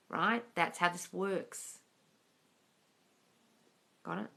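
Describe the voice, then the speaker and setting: Answering questions live as a manifesting coach, a woman speaks in a mid-range, expressive voice that is pushed and bright and a little fast. She addresses viewers directly, calling them darling and guys, recorded on a phone during the livestream.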